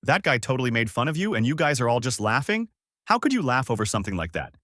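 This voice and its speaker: A man voicing a hotheaded young boy who yells in a raised, indignant voice. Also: lively intonation, normal speed, no echo, clean studio sound. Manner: indignant, high and yelling.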